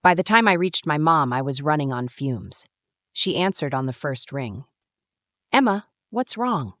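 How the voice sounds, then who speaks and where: Woman in her 30s telling a story in first person, really low voice, super dry sound. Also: animated, normal speed, fairly bright tone, dry recording. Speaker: narrator.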